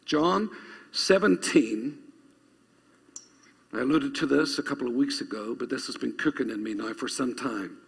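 Man, pastor, sermon, husky voice, long church reverb. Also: medium pitch, normal speed, pauses often. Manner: preaching, urging congregation to repeat after him.

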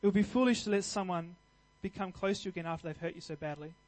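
Male preacher, high voice, earnest and conversational, emphatic at peaks. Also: fast, rough recording. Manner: earnest, conversational, with restarts and fillers; builds to louder emphatic passages. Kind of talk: sermon.

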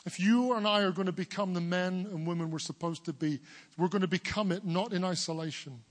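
A pastor in his forties from England preaches with a big, booming voice that sits fairly high. He builds earnestly toward emphatic declarations. His words ring out with a long echo, as in a church hall. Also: fairly quick. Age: 40s. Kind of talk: sermon.

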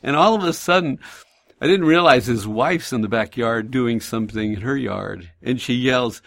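A man hosting a Christian radio talk show, gently exhorting listeners and telling stories with an easy laugh. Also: mid-range voice, moderate pace, vocal fry. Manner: gentle pastoral storytelling.

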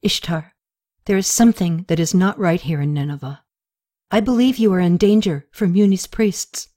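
A woman's voice: on the low side, normal speed, warm tone, natural voice. A woman reading a formal, devoted attendant. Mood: worried. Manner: formal, deferential speech. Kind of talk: audiobook character reading.

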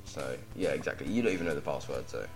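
A young man from England hosts a casual podcast with a very low voice. He rambles, pokes fun at himself and fills gaps with ums, over faint music. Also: animated, quick pace. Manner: rambling, self-deprecating, full of ums. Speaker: podcast host.

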